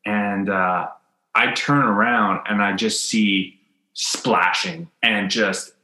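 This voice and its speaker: A man telling a story in casual chat, acting out quotes in a high voice. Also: steady tone, takes it slowly, pushed and bright, reverberant, a little hiss or hum, poor audio.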